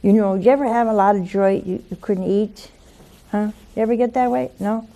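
A woman's voice: medium pitch, fairly even intonation, brisk, mellow. A woman preaching a conversational sermon and hosting a call-in show, pleading and coaxing, with rhetorical asides to her listeners.

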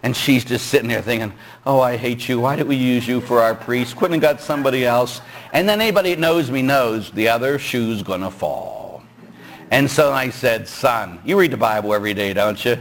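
A priest gives an animated sermon with a teasing, conversational delivery. He slows down for emphasis, tosses in a wry "huh?", and then bursts out with loud, mocking shouts. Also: mid-range voice, slight background noise. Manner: animated storytelling, jumps into shouting; teasing, chatty, asks "huh?". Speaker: Catholic priest.

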